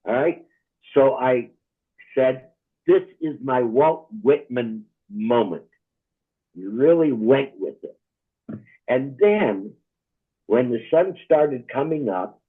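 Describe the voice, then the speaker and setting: Man, rabbi, reflective storyteller, husky, tinny phone-like sound. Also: medium pitch. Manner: slow reflective storytelling, often says "all right?". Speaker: rabbi, guest speaker. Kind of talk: storytelling in a conversation.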